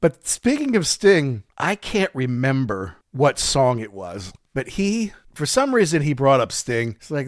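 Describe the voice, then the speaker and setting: A man's voice: medium pitch, measured pace, few pauses, no room sound, clean studio sound. A man co-hosting a rock podcast, telling concert stories in casual chat, acting out quotes and laughing often. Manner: animated storyteller who acts out quotes and laughs often. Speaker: podcast co-host.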